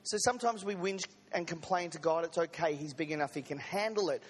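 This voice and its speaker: A man's voice: on the high side, fairly quick, slightly rough, long reverb tail. A man preaching a sermon to a congregation, in a conversational manner with joking asides. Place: church service.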